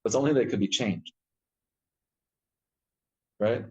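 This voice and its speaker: A man teaching a Torah class, telling stories with lively acted-out quotes and frequent restarts. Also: mid-range voice, measured pace, dull audio. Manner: animated storytelling, acts out quotes, frequent restarts.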